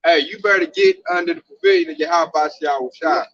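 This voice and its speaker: A man's voice: on the high side, wildly swooping pitch, brisk, fairly bright tone, highs cut off. A man talking casually about religion in a preachy, emphatic way, full of slang.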